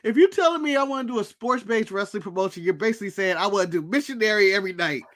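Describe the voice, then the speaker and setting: A man's voice: sits high, expressive, very fast, a bit bright. An American man co-hosting a wrestling podcast, chatting casually with blunt, crude jokes. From United States. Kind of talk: casual chat.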